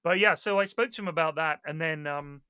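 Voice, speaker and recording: A man chatting casually on a podcast, telling stories with lively acted-out quotes and plenty of swearing. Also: fairly high pitch, a little fast, clear, resonant tone, no echo, studio quality. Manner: animated storyteller, acts out quoted people, swears freely. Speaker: Dota 2 caster, podcast guest.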